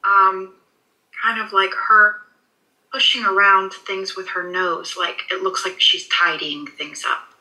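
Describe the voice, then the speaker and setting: A woman working as a pet psychic in a session, soothing and reassuring, often halting with fillers. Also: medium pitch, flat delivery, pushed and bright, low-quality recording. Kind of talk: animal communication session.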